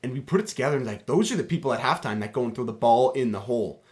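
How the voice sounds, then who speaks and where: Animated young man telling stories. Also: medium pitch, racing. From Canada. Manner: animated, laughing storyteller. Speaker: podcast co-host. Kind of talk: casual storytelling chat.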